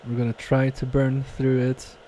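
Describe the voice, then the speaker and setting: A man's voice: medium pitch, monotone, normal speed, mellow, a little hiss or hum. A man casually live-streaming a repair from his home workbench, reading viewer chat aloud and muttering to himself with self-mocking humor.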